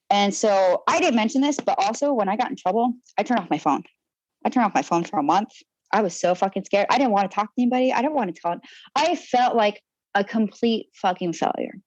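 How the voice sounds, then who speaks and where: A young woman who was a Navy sailor tells her own story on a podcast, candid and full of swearing, rambling with restarts and trailing fillers. Her pitch is medium. There's no echo, but the recording quality is low.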